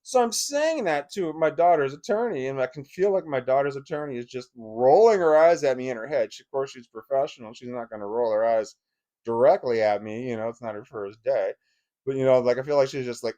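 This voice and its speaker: A man's voice: medium pitch, expressive, brisk, darkish tone. A man telling a personal story in a vlog, emotional and blunt, swearing freely and often restarting his sentences. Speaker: vlogger.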